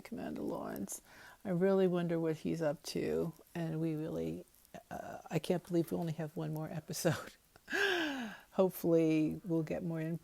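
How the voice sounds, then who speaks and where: Low, gravelly woman recapping an episode. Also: mellow, dry recording. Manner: chatty, wry, many fillers. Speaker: TV episode commentator.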